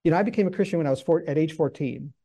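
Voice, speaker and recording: A man teaching through a Bible book in a lively, conversational way, acting out the voices he quotes. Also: on the high side, rapid-fire. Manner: animated, acts out quoted voices; conversational with restarts.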